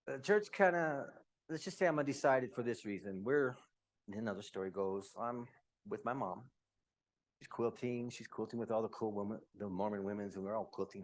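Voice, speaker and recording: A man in his fifties from Utah, candidly telling his own life story to a room, with quick asides. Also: lowish voice. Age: 50s. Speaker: speaker. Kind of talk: personal story talk.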